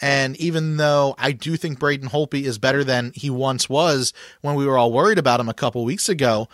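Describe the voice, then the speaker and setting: A man's voice: a little high, fairly bright tone, no echo, clean studio sound. A man hosting a casual sports podcast, chatting and asking his co-host questions. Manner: conversational, leads questions with restarts.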